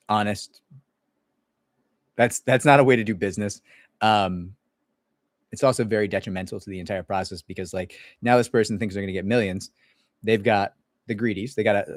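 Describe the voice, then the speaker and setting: Blunt sarcastic man with a low voice. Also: no room sound, studio quality. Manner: blunt, sarcastic, acts out others in mock voices. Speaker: employment attorney and mediator. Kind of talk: casual livestream Q&A.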